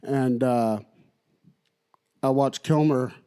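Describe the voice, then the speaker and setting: A man's voice: mid-range voice, fairly even intonation, very slow, dark tone, clear, resonant tone. A man co-hosting a podcast in casual chat, swearing freely and preaching mockingly at listeners he calls "sons". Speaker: podcast co-host.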